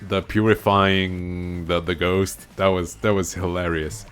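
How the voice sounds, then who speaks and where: A man's voice: deep voice, flat delivery, a little slow, faint music behind. A man casually commenting on a video game as he plays, joking and laughing often. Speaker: let's play host.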